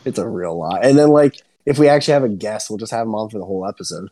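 A young man co-hosting a podcast, ranting excitedly and swearing a lot in casual chat. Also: racing. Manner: excitable ranting, heavy swearing, swings up high when worked up. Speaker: podcast co-host.

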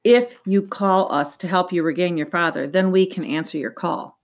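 A grave old council elder, formal and measured in every phrase, as a woman reader puts him on. Her voice stays fairly low for him, in a storybook reading. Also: close to an everyday voice. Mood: solemn. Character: older man leading a council, formal and grave.

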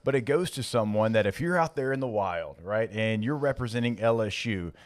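A man's voice: lowish voice, expressive, a little fast. A man co-hosting a sports podcast in a stadium studio, speaking earnestly and filling his talk with "like" and "I mean.". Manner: earnest, heavy use of "like" and "I mean". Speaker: podcast co-host, former player. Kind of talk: casual sports podcast chat.

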